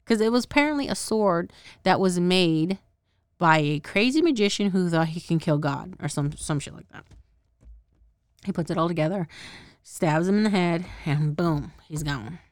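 An animated woman with a low voice recaps a show on her podcast at normal speed, rambling, cursing, and laughing often. Names and details frequently slip away from her. The recording is dry, with clean studio sound.

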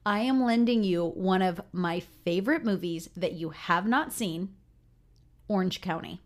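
A woman's voice: on the low side, expressive, a little slow. A young adult woman co-hosting a podcast in casual chat, chatty and upbeat. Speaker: podcast co-host.

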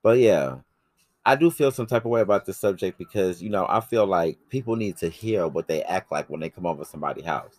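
Very deep-voiced man, brash and profane. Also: fast talker, few pauses, no echo. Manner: brash, profane, animated storytelling. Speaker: podcast host. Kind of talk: casual chat.

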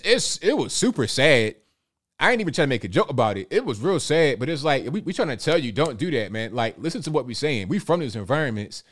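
A man hosting a live stream in a loose, chatty way, reading viewer messages, often repeating words and chuckling. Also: medium pitch. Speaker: livestream host reading viewer super chats. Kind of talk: casual live-stream chat.

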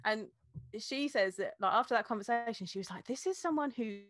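A woman's voice: a little high, fairly quick, fairly bright tone, dry recording. A woman who teaches beer tasting, a guest in a casual interview, explaining with energy and laughing often.

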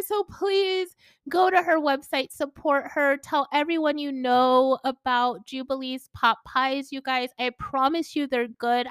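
A high-voiced woman chatting on her own podcast from home, gushing and giggling as she goes. Her talk is loose and effusive, packed with "like" and "you guys." The sound is dry and close, with no room echo. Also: a bit bright, clear, resonant tone. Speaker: podcast host. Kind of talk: casual solo podcast chat. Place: at home indoors.

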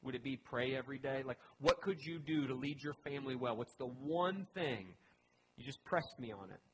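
A man's voice: medium pitch, moderate pace, background noise. A man pastor giving a conversational sermon, earnest and emphatic, often restarting his phrases.

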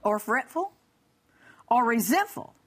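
Her voice is a little high and slow as she, a guest speaker on a Christian program, recounts a humorous personal testimony. She laughs as she goes and brings the story to life by acting out the dialogue.

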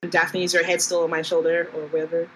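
A woman's voice: fairly low pitch, completely flat delivery, fast, fairly bright tone, a little hiss or hum, rough recording. A woman playing a tabletop game, often stammering and flustered as she describes her actions. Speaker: player. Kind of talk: tabletop role-play.

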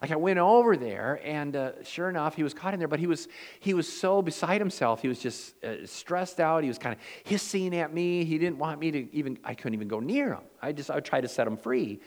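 A man's voice: fairly high pitch, expressive, fairly quick. A man preaching a sermon as pastor. He tells homey stories with a folksy, self-deprecating humor. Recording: long hall reverb.

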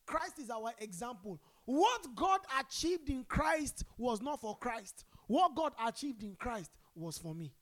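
A Nigerian woman preaching a sermon, calling on the congregation to respond and swinging between loud emphasis and quiet asides. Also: a little high, sing-song, a little slow, few pauses. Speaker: pastor.

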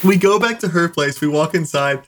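Animated young man telling a story. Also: fairly high pitch, brisk. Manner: rambling, animated anecdote telling. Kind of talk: casual chat.

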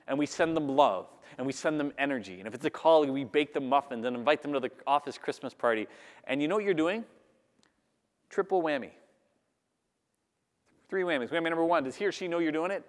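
Guy giving a talk on stage, lively, does little voices, big echoey hall sound. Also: a little high, brisk, pauses often. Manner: animated, acts out audience voices. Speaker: public speaker. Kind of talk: keynote talk to a live audience. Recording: long hall reverb.

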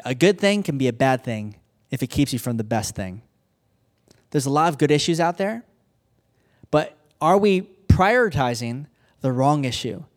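A young adult man preaching a sermon, retelling Bible stories casually and acting out the characters in his own voice. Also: fairly high pitch. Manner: casual storytelling, acts out characters. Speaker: pastor.

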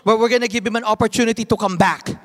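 High-voiced pastor guy preaching, tells stories and acts out the bits, lots of hall echo. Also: racing, slight background noise. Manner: animated storytelling, acts out quotes. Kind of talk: sermon. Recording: long hall reverb.

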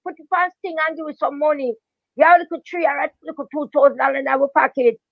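An older Jamaican woman, a veteran dancehall DJ, telling her story in a lively patois interview with emphatic repetition. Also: sits high, quick pace, gravelly, dry recording. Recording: dry, dull lo-fi sound.

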